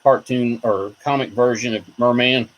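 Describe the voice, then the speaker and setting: A man's voice: medium pitch, fairly even intonation, moderate pace, highs cut off. A man hosting a casual video, rambling about collectible figures and reacting to viewer comments. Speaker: toy collector host. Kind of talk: casual chat.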